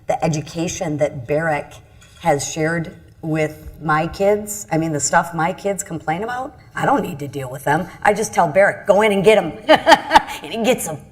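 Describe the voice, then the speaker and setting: Woman, middle-aged politician, lowish voice, earnest halting storyteller at a panel event. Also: slightly rough. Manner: earnest, halting, many restarts. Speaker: congresswoman on a panel. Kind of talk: personal story at a panel discussion. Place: event stage.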